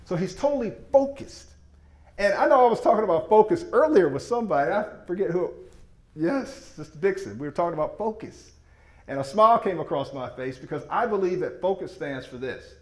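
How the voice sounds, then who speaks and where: With a lively, swooping delivery, a presenter speaks in a fairly high voice and at a fairly quick pace, giving a sales presentation with slides. He is emphatic and folksy, and the meeting room gives his voice an echo.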